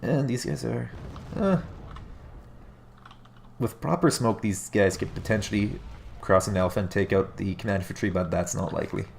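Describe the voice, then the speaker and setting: A man's voice: on the low side, moderate pace, creaky, pauses often, slight background noise. A man casually casting a strategy game replay, stuffy and nasal from allergies, musing aloud and correcting himself as he talks. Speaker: game caster. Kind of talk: live play-by-play commentary on a strategy game replay.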